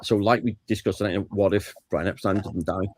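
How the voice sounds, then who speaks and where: A man's voice: lowish voice, a little fast, no echo, poor audio. A man with a British accent, a guest author chatting casually in a remote interview. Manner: relaxed, chatty, hesitant restarts. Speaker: guest author and historian of a famous band. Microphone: video call.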